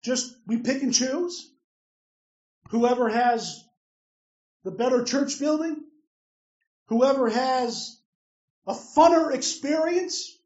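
A man's voice: very high-pitched, slow pace, long pauses, darkish tone. A man preaching a sermon, emphatic, putting questions to his listeners and answering them himself. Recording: roomy, distant, dull lo-fi sound.

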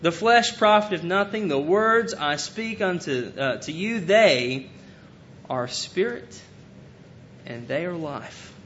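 A man's voice: animated, slow, a bit bright. A man preaching a sermon, earnestly retelling scripture and paraphrasing it in casual everyday speech. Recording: dull lo-fi recording with faint rumble.

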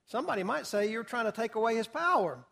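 A man preaching through a Bible passage verse by verse, telling the story in a lively way and putting questions to his listeners. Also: extremely high pitch, quick pace, gravelly. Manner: animated storyteller, asks the audience questions. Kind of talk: expository Bible teaching.

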